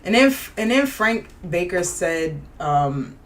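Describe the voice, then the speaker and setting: A woman co-hosting a casual podcast chat, animated and laughing, acting out the people she talks about. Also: fairly low pitch, slow pace, recorded from a distance. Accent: Boston. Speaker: podcast co-host.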